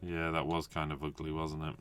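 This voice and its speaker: A man's voice: extremely low pitch, monotone, fairly quick, a bit bright. A man hosting a casual hobby livestream, rambling and chatty, with lots of restarts and asides. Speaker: host.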